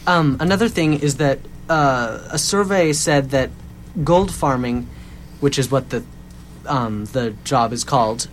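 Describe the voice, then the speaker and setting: A man's voice: mid-range voice, measured pace. A man co-hosting a casual chat, explaining things in a matter-of-fact way and correcting others. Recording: faint background noise and hum.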